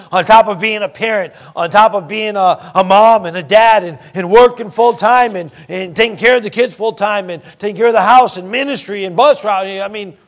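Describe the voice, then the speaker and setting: A man preaching in a church, his voice pitched high for a man. He reads scripture slowly and deliberately, then drops to quiet asides before rising again with emphasis. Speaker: pastor. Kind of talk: sermon.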